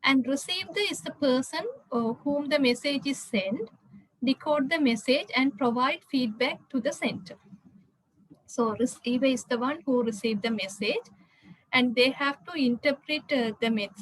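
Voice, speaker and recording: Woman lecturer, high pitch, halting delivery full of fillers, slide-lecture read. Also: no echo, low-quality recording. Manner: hesitant, frequent "uh" fillers and restarts.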